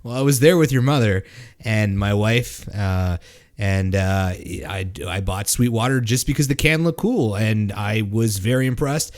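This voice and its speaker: Rambling, foul-mouthed man co-hosting. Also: fairly low pitch. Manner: rambling, profane, halting with fillers. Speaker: podcast co-host. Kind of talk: casual drinking-show chat.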